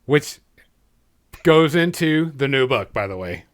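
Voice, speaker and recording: Man, podcast co-host, casual chat, easygoing, lots of ums, mid pitch. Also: expressive, a little slow. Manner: easygoing, hesitant with many ums.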